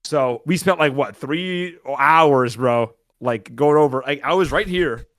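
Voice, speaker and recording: A man talking casually as a boxing coach and co-host, loose and energetic, with lots of fillers. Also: a little high, unhurried, no echo, studio quality. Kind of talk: casual podcast chat.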